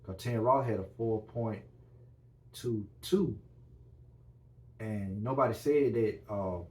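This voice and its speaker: A man's voice: fairly low pitch, takes it slowly, recorded from a distance. A man hosting a podcast in casual solo chat, hyped and repetitive, full of slang and constantly addressing his viewers. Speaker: podcast host.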